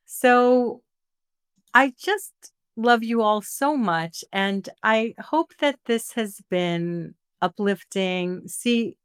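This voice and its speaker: A woman leading an online spiritual group session, gentle and affectionate, with many fillers. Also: on the high side, very slow, smooth, no room sound, clean studio sound.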